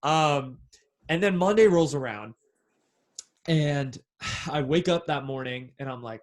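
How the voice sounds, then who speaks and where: A young man hosts a podcast and tells a story in a loose, slang-heavy way, cursing freely. He acts out what each person said. His voice sits a little high for a man. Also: slow pace, pauses often. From San Francisco Bay Area. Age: young adult. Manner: animated, slangy, swears freely, acts out quoted dialogue. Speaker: podcast host. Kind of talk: casual storytelling chat.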